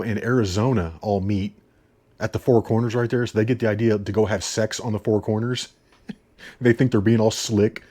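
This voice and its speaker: A man's voice: medium pitch, a little mellow. Chatty man casually reviewing movies. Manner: chatty, laughs often, repeats himself.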